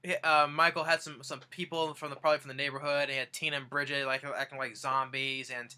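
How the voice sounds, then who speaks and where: Rambling young man with a bright voice. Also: medium pitch, flat delivery, fast, smooth. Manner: rambling, restarts sentences often. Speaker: fan vlogger. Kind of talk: casual countdown retelling.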